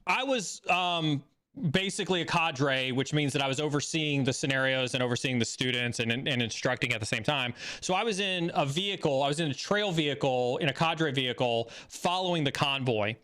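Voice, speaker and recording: A man hosting a live stream, telling a story in a casual, animated way that rises excitedly when he acts out a scene. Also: medium pitch, brisk. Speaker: stream host.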